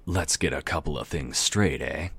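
A man voicing Death, a menacing, mocking undead stallion who taunts in a slow Southern drawl in a storybook reading. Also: very deep voice, a bit bright, slightly rough, exaggerated voice. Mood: taunting.

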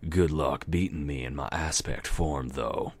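A man voicing Death, a menacing, mocking undead stallion who taunts in a slow Southern drawl in a storybook reading. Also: extremely low pitch, full character voice. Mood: taunting.

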